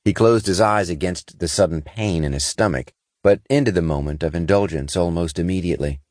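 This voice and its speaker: A man reading scripted narration in a steady, measured way from a close studio mic. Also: sits low, dry recording. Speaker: audiobook narrator. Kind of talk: scripted science fiction narration.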